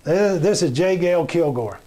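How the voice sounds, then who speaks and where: Man, comic storyteller, homespun and rambling, pitched a bit high. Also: animated, dark tone, faint music behind. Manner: folksy, meandering, plain-spoken with many pauses. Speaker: comedian. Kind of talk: rambling joke telling to camera. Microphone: webcam or camera in front.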